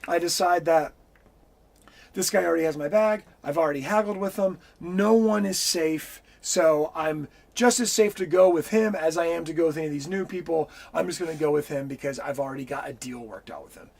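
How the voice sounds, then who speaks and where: Animated storytelling man, slightly high voice. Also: a little fast, vocal fry. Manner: animated, swears freely, acts out the voices in his story. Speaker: interview guest. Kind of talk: casual storytelling.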